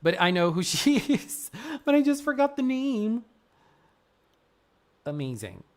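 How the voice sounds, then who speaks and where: A woman's voice: a little high, very animated, unhurried. A woman streamer chatting casually on a live stream, gushing effusively with frequent exclamations, laughs and gasps. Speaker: streamer reviewing fan art.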